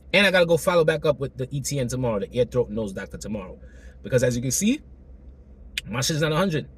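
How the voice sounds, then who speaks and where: A man vlogging to camera, his voice husky and worn, with his throat still not healed. He talks casually in loose slang, circles back over his points and acts out both sides of conversations. His pitch sits in an ordinary middle range. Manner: loose, slangy, repeats himself, animated retellings. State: hoarse, throat still recovering. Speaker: vlogger telling a personal story.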